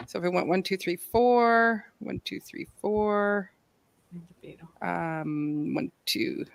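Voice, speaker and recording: A woman's voice: medium pitch, takes it slowly, vocal fry, no room sound. A woman co-hosting a casual group chat, chatty and giggly. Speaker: co-host.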